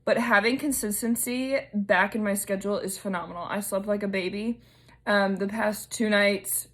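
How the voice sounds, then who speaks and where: A woman's voice: medium pitch, steady tone, normal speed, fairly bright tone. A young woman, hosting her own podcast in a casual, chatty, emotional way with many fillers. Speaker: podcast host.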